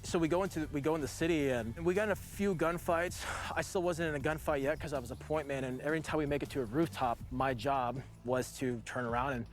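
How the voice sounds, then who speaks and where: A man's voice: on the high side, quick pace, few pauses, faint music behind. A man in his forties, a veteran guest, telling a long story in a loose, rambling way full of fillers. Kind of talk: casual storytelling.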